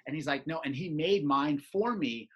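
A woman in her thirties, chatting casually and telling animated stories with plenty of laughter. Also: sits low, moderate pace, slightly rough, lo-fi sound. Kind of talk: casual storytelling chat.

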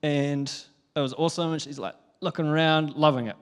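A young New man preaching a sermon, telling a family story in a lively, chatty way with frequent laughs. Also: on the high side, a little fast, clear, resonant tone. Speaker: pastor.

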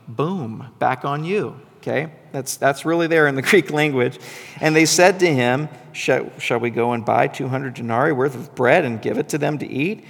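A man's voice: medium pitch, a bit bright, in a large hall. A man, a pastor, reading scripture aloud and preaching a Sunday sermon, breaking off to explain and teach. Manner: reads aloud with asides, teaching tone.

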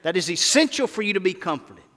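A male pastor preaches a sermon in a bright, forceful voice pitched a little high. He pushes his points with rhetorical questions and emphatic rises and falls. The sound rings out with long reverb, as in a church. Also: big pitch swings, fast.

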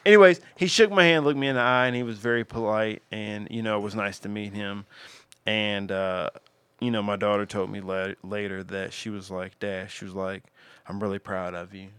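A man with a smooth, resonant voice holds the mic for a casual podcast chat. He tells family stories freely, with plenty of swearing, and his voice jumps when he acts out what people said. The sound is close and dry, with no room around it. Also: fairly low pitch, moderate pace, no echo. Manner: animated, profane, acts out quotes loudly. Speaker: podcast host, father of teens.

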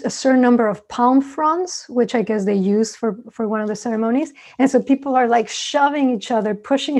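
A woman meditation teacher giving a dharma talk, telling stories in a relaxed, conversational way with thoughtful asides. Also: fairly high pitch, creaky.

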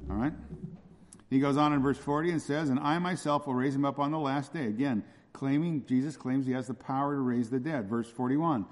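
A man's voice: medium pitch, a little mellow. Preaching man in a reverberant church hall. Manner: emphatic, repetitive teaching with rhetorical questions. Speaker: pastor. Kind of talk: expository sermon.

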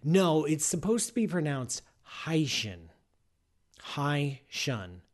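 A slightly high-voiced man hosts a live science show in a loose, casual way. He is animated and playful, working himself up into mock outrage and wandering off into digressions with plenty of restarts. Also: moderate pace.

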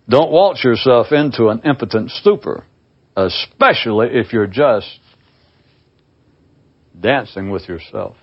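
Wry man musing, lively pitch. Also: unhurried, long pauses, slightly rough, lo-fi sound. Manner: wry, rambling, with dry self-mocking asides. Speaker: spiritual teacher. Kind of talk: informal talk with readings of short parables.

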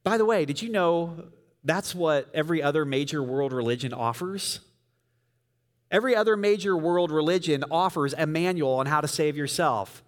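A man preaching a sermon, telling the story vividly and swinging from loud emphasis to soft, quiet lines. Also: fairly high pitch, normal speed. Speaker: pastor.

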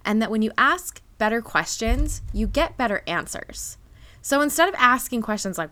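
A woman's voice: a little high, lively intonation, normal speed, bright, forceful tone. A young adult woman hosting her own podcast, talking candidly and animatedly about a hard year, often laughing between thoughts. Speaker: podcast host. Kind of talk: personal podcast talk.

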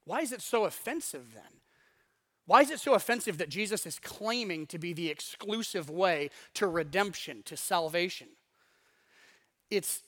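A male pastor preaches with a fairly high voice and a lively, animated delivery. He speaks conversationally, repeats words as he restarts thoughts, and leans into points for emphasis. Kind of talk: sermon.

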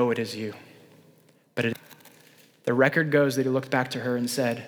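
A man preaching a sermon to his congregation, swinging between loud, fervent peaks and soft, slow passages. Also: medium pitch, animated. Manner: impassioned, building to loud peaks and dropping to soft, slow lines. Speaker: pastor. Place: church sanctuary. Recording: long hall reverb.

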